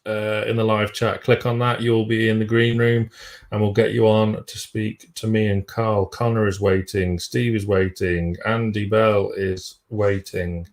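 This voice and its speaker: A man's voice: lowish voice, level tone, unhurried. A man hosting a live football fan stream, dry and sardonic, sounding tired as he runs the chat. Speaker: fan channel host.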